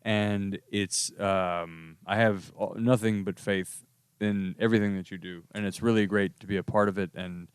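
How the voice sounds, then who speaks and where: A man's voice: fairly low pitch, fairly even intonation, moderate pace, clear, resonant tone, no echo. A man guesting as a comedian, chatting in a rambling, profane way and laughing often. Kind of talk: casual chat.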